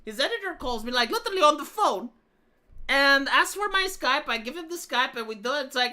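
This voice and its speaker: A woman's voice: sits high, very animated, a little fast, pushed and bright. A woman live streamer telling a rambling, profane story in casual chat, full of fillers and restarts. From Romania.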